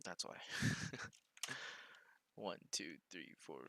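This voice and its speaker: A man's voice: fairly low pitch, very animated, takes it slowly, gravelly, pauses often, sharp tone, no echo. A young man hosting a casual live coding stream, talking to himself as he works, scattered and self-mocking, laughing at his own mistakes.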